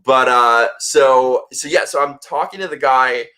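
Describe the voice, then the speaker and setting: A man hosting a casual livestream chat, telling a story in an animated way and swearing freely. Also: mid-range voice, a little slow. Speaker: host.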